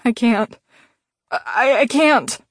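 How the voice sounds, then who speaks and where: A woman's voice: on the high side, slow pace, no room sound, studio quality. A woman narrator voicing a frightened young man who stammers in fear. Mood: terrified. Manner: stammering, fearful. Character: terrified groggy young male brother.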